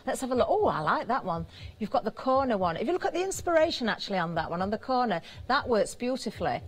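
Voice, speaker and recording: A British woman presenting on a live TV shopping channel, chatty and giggly as she banters with the crew, her voice slightly hoarse. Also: fairly high pitch, very animated, fast talker. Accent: British English. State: slightly hoarse, throat catching.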